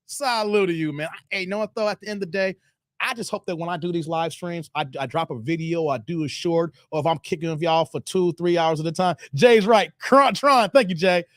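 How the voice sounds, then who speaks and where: A man hosting a casual live stream, laughing often and shouting out his viewers by name. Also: a little high, brisk, dry recording, studio quality.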